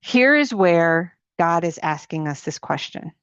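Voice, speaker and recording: A middle-aged woman ministry coach giving an informal sermon to women, animated and building through repeated questions. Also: lowish voice, measured pace, smooth, no echo, highs cut off.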